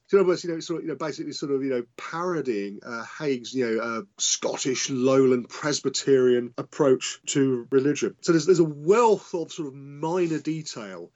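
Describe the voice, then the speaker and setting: A man's voice: medium pitch, a little fast, hardly any pauses, darkish tone, dull audio. A man, a historian and author, answering interview questions in a hesitant way, with many restarts and qualifiers.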